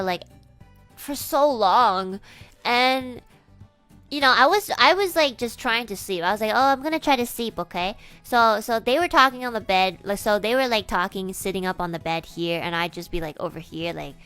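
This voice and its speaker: A young woman tells a story to her viewers in a smooth, mid-range voice. She rambles and restarts, drops into hushed asides and then bursts out loud. Faint music plays behind her. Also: mid-range voice. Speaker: streamer. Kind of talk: storytelling to a live audience.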